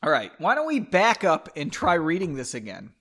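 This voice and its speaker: Sipping whiskey, an American man reads a book aloud at normal speed in a pushed, bright voice on the high side with huge pitch swings. He rambles, swears, and drops comments between the passages of this casual reading.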